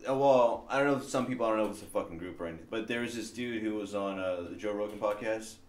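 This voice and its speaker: A man's voice: fairly low pitch, fast, roomy sound. A young man co-hosting a podcast in casual chat, explaining things in a loose, rambling way. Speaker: podcast co-host.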